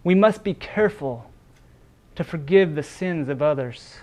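Male pastor, high-pitched, earnest sermon delivery with small restarts. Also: lively intonation, unhurried, a little mellow. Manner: earnest preaching with repeated words and brief restarts.

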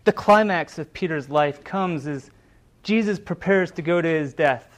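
A man with a fairly high voice delivers a sermon. He retells scripture earnestly and builds drama as he goes. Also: unhurried. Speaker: preacher.

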